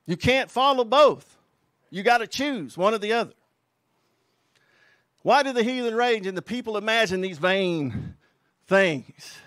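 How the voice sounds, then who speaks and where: Fiery high-voiced male preacher. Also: lively intonation, measured pace, pauses often, a bit bright, dry recording. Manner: fiery, emphatic preaching with Bible quotes. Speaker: pastor. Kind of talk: sermon.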